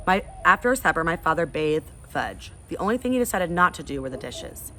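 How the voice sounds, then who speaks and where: A fairly low-voiced woman reading a storybook aloud with very lively pitch. She reads like a teacher with a class, and a faint hiss of room noise sits behind her. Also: brisk, hardly any pauses. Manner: expressive, animated.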